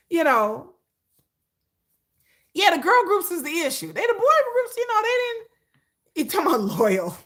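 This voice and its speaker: A woman hosting a casual livestream, talking straight to her viewers. Her voice is bright and sits a little high, and she repeats phrases for emphasis. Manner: animated, repetitive, talks straight to viewers. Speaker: livestream host.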